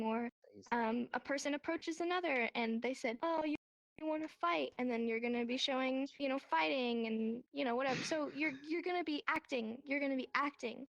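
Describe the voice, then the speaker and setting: Brief: woman, high pitch, dry close sound, animated class teacher acting out examples. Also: gravelly, no room sound. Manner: animated, acts out examples in voices. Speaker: sign language teacher. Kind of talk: casual online class explanation. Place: VR chat room.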